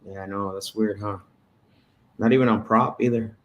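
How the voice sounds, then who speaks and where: A man who is a sales coach, making live calls to property sellers and chatting casually in between, relaxed and slangy. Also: fairly low pitch, moderate pace, lo-fi sound. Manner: relaxed, slangy, says "bro" a lot.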